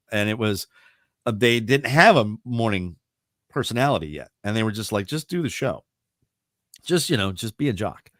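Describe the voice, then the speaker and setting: A man from the Baltimore area, a radio broadcaster telling stories in a casual interview, chatty and quick to laugh. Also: on the low side, fairly bright tone, smooth, dry recording, studio quality. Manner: chatty storyteller, laughs often, many restarts.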